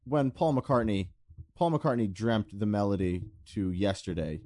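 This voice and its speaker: A man co-hosting a podcast in casual chat, joking deadpan and searching for words. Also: on the low side, dry recording. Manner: dry, deadpan jokes, halting searches for words. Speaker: podcast co-host.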